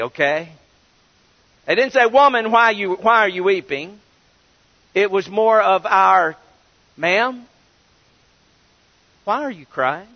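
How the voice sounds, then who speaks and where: A man preaching a sermon, retelling a scripture story with acted-out dialogue and building to emphatic declarations. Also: high-pitched. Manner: storytelling preacher, acting out quoted dialogue, rising to emphatic exclamations. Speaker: pastor. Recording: dull reverberant hall recording.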